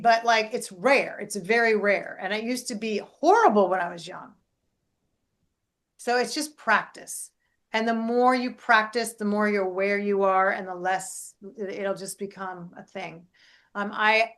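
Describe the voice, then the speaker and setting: Middle-aged female coach and host, casual chat, animated, tags lines with "right?", mid-pitched. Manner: animated, keeps adding "right?". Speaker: life coach and podcast host.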